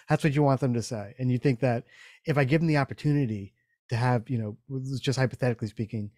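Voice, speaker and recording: A man's voice: mid-range voice, quick pace, darkish tone, no room sound, clean studio sound. A man co-hosting a casual conversation, reflective and rambling, acting out his own thoughts in quoted asides. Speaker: podcast co-host.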